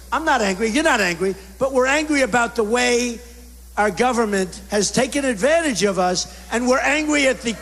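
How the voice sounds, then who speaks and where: A political speaker delivers a bombastic, rousing campaign rally speech in punchy, repetitive short phrases, his voice very high-pitched and a bit bright. He is in a large indoor rally venue, and the recording carries the echo of the hall along with faint crowd noise.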